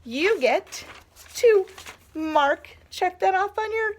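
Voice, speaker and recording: High-voiced, encouraging woman teacher. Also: expressive, slow pace. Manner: gentle, encouraging, sing-song teacher talk. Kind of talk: remote lesson for young children.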